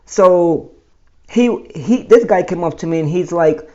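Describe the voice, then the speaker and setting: Animated man telling his own story. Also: high voice, a little slow, dull audio. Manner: animated, explains with pointing and numbering. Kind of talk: casual personal storytelling.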